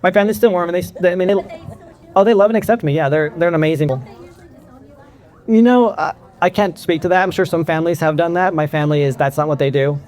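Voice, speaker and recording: A man's voice: a little high, fast, darkish tone, some chatter behind. A middle-aged man speaking candidly to a convention audience, telling his own story. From California. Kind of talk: personal talk to an audience.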